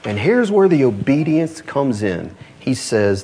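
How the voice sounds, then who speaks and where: A man preaching a sermon, reading scripture aloud in a lower, slower voice and lifting his pitch to drive points home. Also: big pitch swings, warm tone, slight background noise. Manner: reads scripture low and slow, then rises to press points.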